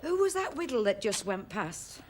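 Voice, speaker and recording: A woman's voice: mid-range voice, very animated, moderate pace, lightly acted. A woman playing a tart, teasing fiancée with a sensible manner. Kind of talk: sitcom acting. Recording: noisy TV sitcom recording.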